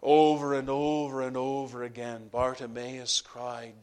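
A man preaching a sermon, swinging from hushed whispers to loud, fervent climaxes with slow, deliberate phrasing. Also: medium pitch, monotone, smooth.

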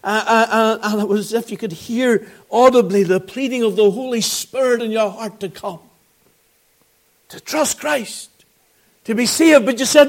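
High-voiced Northern Irish preacher. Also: male voice, moderate pace. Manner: earnest storytelling, rising to fervent appeals. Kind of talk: gospel sermon testimony.

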